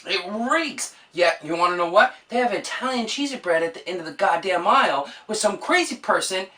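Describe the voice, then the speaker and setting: A woman vlogger on an exasperated, swearing comedic rant. Her voice is bright and forward. She sits some way back from the microphone. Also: medium pitch, animated, moderate pace, distant mic.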